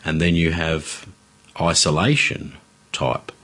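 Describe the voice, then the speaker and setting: Very deep-voiced, husky podcast host. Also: male voice, slow, fairly bright tone. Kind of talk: casual podcast chat.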